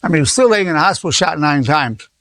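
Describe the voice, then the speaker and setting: A man's voice: a little high, animated, fast talker, a bit bright, no room sound. A man in his eighties, a psychologist, giving an informal lesson full of stories, often repeating himself and acting out quoted dialogue. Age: 80s. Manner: repeats words and restarts, acts out quoted dialogue. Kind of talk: informal teaching talk with anecdotes.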